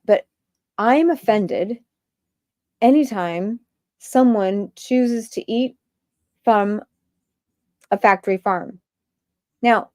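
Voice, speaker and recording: A woman's voice: mid-range voice, warm tone, dry recording, clean studio sound. A woman hosting a livestream, ranting in a rambling stream-of-consciousness way with many filler words. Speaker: livestream host.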